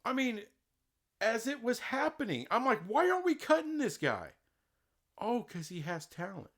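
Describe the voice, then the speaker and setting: Emphatic man ranting, lively pitch. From Texas. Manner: emphatic, indignant, rhetorical questions. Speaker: sports commentator. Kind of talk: opinionated solo commentary.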